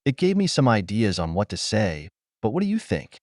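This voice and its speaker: A man's voice: lowish voice, huge pitch swings, moderate pace, darkish tone, dry recording, studio quality. A man reading the part of an earnest, clever young boy in an audiobook.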